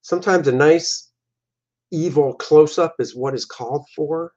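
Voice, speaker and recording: A man hosting a show and giving casual, animated commentary on his own comic artwork. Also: fairly high pitch, a little slow, dull audio. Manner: animated, jumping into voices for his characters. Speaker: comic artist and show host.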